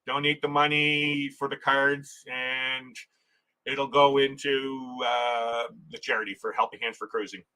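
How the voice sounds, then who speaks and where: A man's voice: fairly high pitch, pushed and bright, low-quality recording. A man hosting a casual travel livestream, reading viewer comments aloud, chatting and laughing often, restarting his sentences. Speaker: livestream host.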